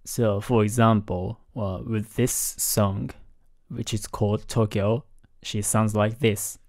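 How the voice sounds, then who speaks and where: A man hosting a lesson on singing technique, explaining in a careful, halting way and keeping his voice down because it is late at night. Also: fairly low pitch, level tone, darkish tone, dry recording, clean studio sound. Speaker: host analyzing singing technique. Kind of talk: explanatory commentary.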